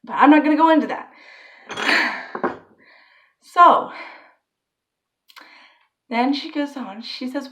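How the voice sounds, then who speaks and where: A woman's voice: sits high, lively intonation, slow, pauses often, fairly bright tone. Rambling young woman telling a vlog story. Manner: rambling, filler-heavy with constant "like". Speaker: vlogger.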